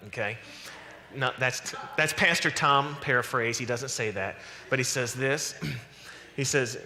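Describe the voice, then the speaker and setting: A man preaching a sermon as pastor, animated and conversational, acting out quoted voices as he goes. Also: medium pitch, moderate pace, big-room sound. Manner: animated preaching, acts out voices of God and the prophets. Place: church sanctuary.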